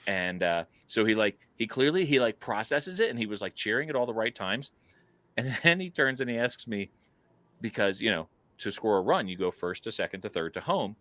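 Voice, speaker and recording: A man with a somewhat low voice tells an animated story to his podcast co-host, peppering it with fillers and little laughs. The sound is dry and close, with no room echo. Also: moderate pace. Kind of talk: casual storytelling chat.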